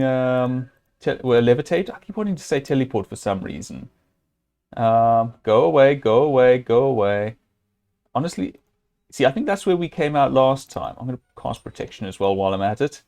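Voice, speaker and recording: A man talks through a game on a live stream, working out each move as he goes. His speech is loose and halting, full of "um"s and restarts. Now and then he speaks straight to his viewers or scolds the game's hero. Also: medium pitch, darkish tone. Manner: thinking aloud, hesitant, with many fillers and restarts. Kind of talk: live gameplay commentary.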